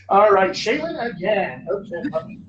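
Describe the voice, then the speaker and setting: A man's voice: high-pitched, lively intonation, slow pace, lo-fi sound. A man hosting a live online Q&A as a dialect coach, answering viewer questions in an upbeat, joking, encouraging way. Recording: echoey room with background noise.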